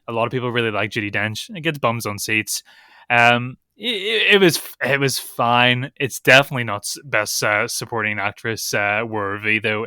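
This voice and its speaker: A young man with a Northern Irish accent, co-hosting a casual film podcast and giving opinionated, animated critiques. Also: mid-range voice, clear, resonant tone, no echo, clean studio sound. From Northern Ireland. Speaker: podcast co-host.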